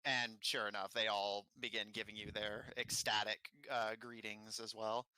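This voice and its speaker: A man narrating a tabletop game as game master, relaxed with frequent fillers. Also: lowish voice, normal speed, smooth, poor audio.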